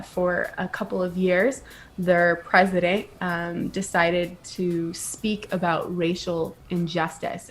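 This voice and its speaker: A woman, a pastor, speaks on a podcast with a reflective, earnest manner, recounting experiences. Her voice sits rather low for a woman. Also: a little hiss or hum. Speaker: pastor, guest. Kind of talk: podcast conversation.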